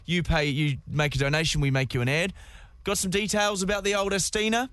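A man's voice: level tone, fairly bright tone, clear, resonant tone, dry recording. A man, hosting a casual radio show with jokey banter. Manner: jokey, reads a mock car ad in a deep slow sultry voice. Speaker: radio host.

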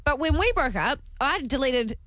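A woman's voice: high-pitched, moderate pace, no room sound. Chatty woman radio host, dry sound. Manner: chatty, animated storyteller. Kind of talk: casual radio banter.

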